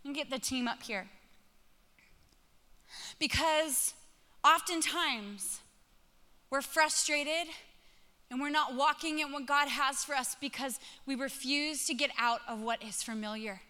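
A woman's voice: high voice, slow pace, pauses often, pushed and bright. A woman preaching a sermon in a conversational, emphatic way, urging her listeners on. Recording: long hall reverb.

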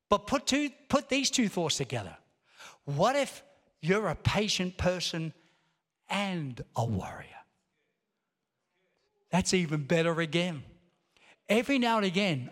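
High-voiced preacher in a reverberant hall. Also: male voice, fairly bright tone. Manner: storytelling, rising to emphatic exhortation. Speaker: pastor. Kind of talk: sermon. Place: large church auditorium.

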